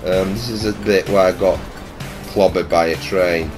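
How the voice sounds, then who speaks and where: A man's voice: fairly even intonation, moderate pace. Man, gaming host, casual teasing commentary, headset mic, faint music bed. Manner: teasing, swearing, mumbled low asides. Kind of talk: casual game commentary over party chat.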